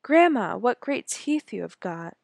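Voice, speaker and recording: A woman's voice: on the high side, sing-song, a little slow, vocal fry, a little mellow, no room sound, studio quality, voice pushed up, full character voice. A woman doing a wide-eyed little girl. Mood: amazed. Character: curious young girl in red hood.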